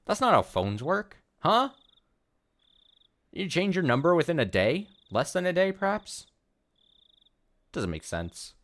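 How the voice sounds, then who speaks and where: A man hosting a let's play, reading a visual novel aloud and rambling excitedly and paranoidly between lines. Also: a little high, a little slow, long pauses.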